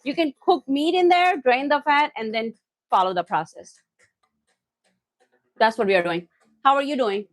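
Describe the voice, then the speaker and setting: A woman hosting a live cooking stream from her home kitchen, excitable and loud, often laughing at herself as she chats with viewers. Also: sits high, normal speed, pauses often, no echo.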